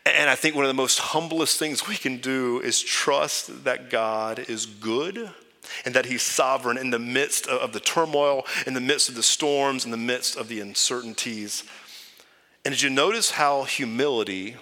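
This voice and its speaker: A man preaching a sermon as pastor, conversational and earnest, shifting between loud emphasis and hushed, near-whispered lines. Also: mid-range voice, long reverb tail. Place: church sanctuary.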